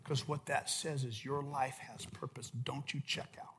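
A man preaching a sermon as pastor, impassioned, swinging from loud shouts to hushed intensity. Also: medium pitch, steady tone, a little slow, a little hiss or hum. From California.

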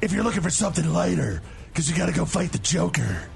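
A man doing an impression of a gruff, brooding male superhero with a gravelly growl, reading menu specials with a strained throat. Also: fairly high pitch, big pitch swings, fast, soft background music, heavily acted. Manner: mock-serious waiter reading specials. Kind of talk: on-the-spot impression.

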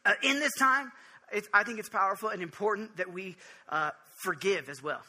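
Bright, high-voiced man preaching earnestly. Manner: earnest and jokey, quick restarts, direct address to listeners. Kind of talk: informal sermon teaching on prayer.

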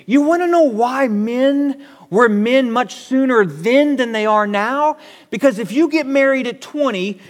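A pastor preaches a sermon in an animated, high voice that swoops up and down with emphasis. He repeats words to press his points, and his voice carries a long church reverb.

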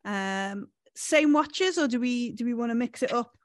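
A woman's voice: on the high side, expressive, measured pace, no echo, clean studio sound. Woman narrating as game master. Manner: hesitant, many fillers and restarts.

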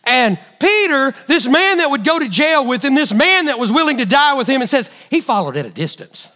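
High, bright-voiced animated preacher man. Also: fairly quick. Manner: animated storytelling, acting out quotes. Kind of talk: sermon.

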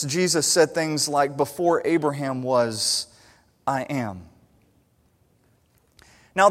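A man's voice: high voice, in a large hall. A male pastor preaching a sermon in a conversational way, often restarting and correcting himself.

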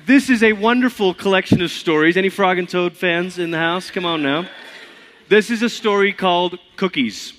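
Man, pastor, chatty sermon in a church, conversational, bright tone. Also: high-pitched, moderate pace, a little hiss or hum. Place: church sanctuary.

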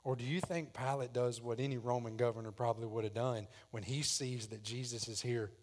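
A man's voice: medium pitch, steady tone, fairly quick. A man preaching a sermon, dramatic as he acts out the voices in the story. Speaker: pastor.

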